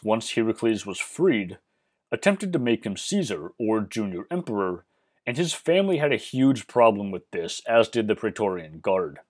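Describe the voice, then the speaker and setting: A man narrating a history lesson, measured and explanatory with dry, wry asides. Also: mid-range voice, darkish tone. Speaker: history channel host.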